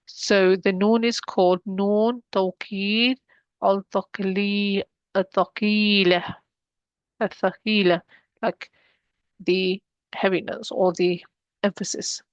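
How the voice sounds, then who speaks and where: A woman's voice: medium pitch, fairly even intonation, slow pace, smooth, no echo, highs cut off. A woman teaching an Arabic grammar lesson, explaining each rule step by step and mixing English with Arabic terms.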